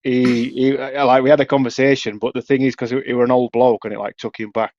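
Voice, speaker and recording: A man's voice: mid-range voice, level tone, fast, darkish tone, dry recording, highs cut off. A man with a Yorkshire accent telling a long story in casual podcast chat, full of restarts, swearing and laughs. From Yorkshire, England. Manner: rambling, many restarts, swears, laughs often. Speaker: podcast co-host.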